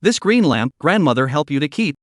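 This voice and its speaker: Caring old grandmother, read by a man, concerned, firm, slightly high voice, dry recording. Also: big pitch swings, fairly quick, no echo.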